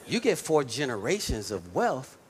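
A male pastor delivering a lively sermon, stressing points and calling out to the congregation for response. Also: medium pitch, normal speed, a little hiss or hum. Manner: emphatic call-and-response preaching.

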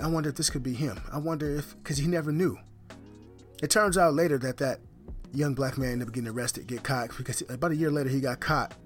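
Man, mid-pitched voice, storytelling, acts out dialogue, faint music behind. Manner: acts out quoted dialogue, voices rising and falling. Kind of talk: personal storytelling.

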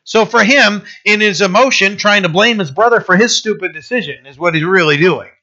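A man teaching scripture in a relaxed, conversational way, often stopping and restarting his sentences. His voice sits slightly high and sounds bright and forceful. The recording is dull and lo-fi. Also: brisk. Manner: conversational, many restarts and fillers. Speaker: Bible study teacher. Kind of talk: casual Bible teaching.

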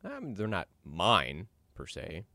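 A man's voice: takes it slowly, creaky, no room sound, clean studio sound. A young man from Dallas hosting a podcast, ranting opinionated commentary and getting worked up as he talks. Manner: animated, ranting, jumps in pitch when worked up. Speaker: podcast host.

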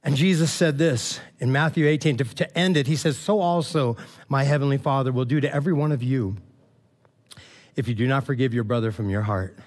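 A man's voice: mid-range voice, brisk, a little mellow. A man, a pastor, preaching a casual sermon and retelling scripture in loose, slangy, chatty language with many restarts.

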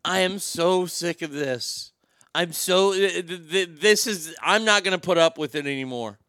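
A male show host delivers an opinionated rant full of profanity and bluntness, with many stammered restarts. His voice is high-pitched and unhurried, bright and forceful, smooth and free of echo, in studio quality.

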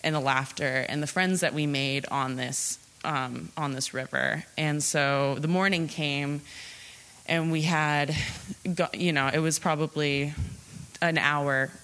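A woman's voice: low voice, fairly even intonation, measured pace, fairly bright tone. A woman in her twenties telling a personal story live on a theatre stage, chatty and laughing often. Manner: chatty, laughing, lots of fillers.

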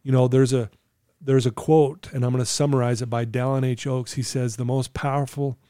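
A man's voice: medium pitch, level tone, brisk, warm tone, smooth, no room sound, studio quality. A man talking as a guest in an interview, telling stories in an earnest way and acting out talks with his clients. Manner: earnest, acts out dialogue with clients. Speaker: podcast guest, client coach. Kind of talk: conversational storytelling interview.

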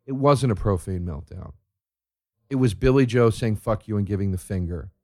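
A man's voice: on the low side, normal speed, a little mellow, dry recording, studio quality. A man, a comedian, ranting with profanity, sarcasm and a stream of rhetorical questions.

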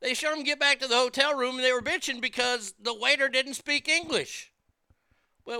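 A man hosting a show, ranting profanely in a casual way, swinging from low muttering to loud outbursts. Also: moderate pace, clear, resonant tone, dry recording. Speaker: podcast host.

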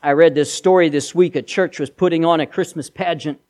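Pastor, male, higher voice, preaching with emphatic repeated refrains. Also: fairly even intonation, a little fast, a little mellow. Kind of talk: sermon.

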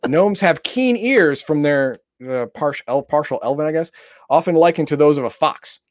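A man's voice: mid-range voice, darkish tone, no room sound, studio quality. A man reading tabletop game rules aloud in casual chat, breaking into exasperated, profane rants.

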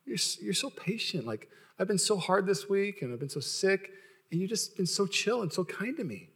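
A man's voice: high-pitched, very animated, normal speed, bright, forceful tone, in a large hall, voice pushed up, heavily acted. A man acting out his wife's voice as he retells a marriage story in a sermon, teasing her through mimicry. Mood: tender. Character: a wife, adult woman, warm then indignant.

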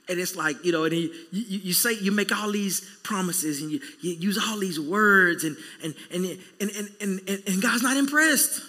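Male pastor, sermon, animated storyteller; bright forceful tone, reverberant hall. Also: high voice, moderate pace, hardly any pauses. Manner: animated, acts out everyday dialogue. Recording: long reverb in a church hall.

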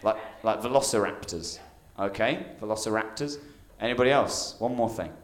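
A man's voice: on the low side, normal speed. A man performing a playful, self-mocking stand-up comedy set. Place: comedy venue with live audience. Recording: roomy venue with backing music.

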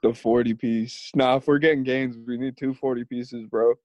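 A man's voice: mid-range voice, steady tone, moderate pace, a little mellow. A man in casual chat, listening and answering with short, teasing replies.

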